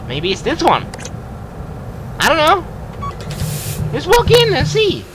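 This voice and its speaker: A man giving casual, excitable gameplay commentary, laughing, humming and exclaiming. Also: very high voice, slow, background noise. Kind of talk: casual let's-play commentary.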